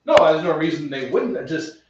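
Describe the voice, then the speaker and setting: A man's voice: a little high, expressive, fairly quick, background noise. A man co-hosting a casual homebrewing podcast, easygoing and laughing along with jokes. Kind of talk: casual banter. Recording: echoey room, distant mic, dull lo-fi sound.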